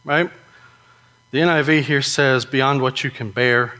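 A man's voice: medium pitch, fairly even intonation, a little slow, sharp tone. Man preaching a conversational sermon. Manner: conversational, with frequent rhetorical "right?".

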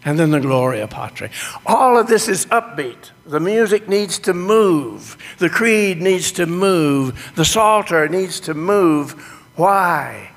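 A man, a pastor teaching his congregation about worship in a sermon, animated with folksy exclamations, in a church sanctuary. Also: sits high, slow pace. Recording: echoey sanctuary reverb.

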